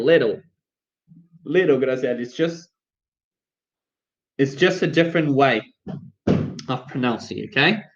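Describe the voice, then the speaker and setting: Man teaching English on a stream. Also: medium pitch. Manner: coaxing, upbeat, talks straight to viewers. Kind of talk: live-streamed English lesson. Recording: dull lo-fi stream audio.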